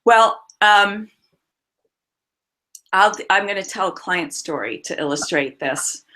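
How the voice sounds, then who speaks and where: A woman's voice: medium pitch, animated, slow pace, pushed and bright. A woman voice coach, a guest on a remote call, telling client stories expressively with frequent laughs.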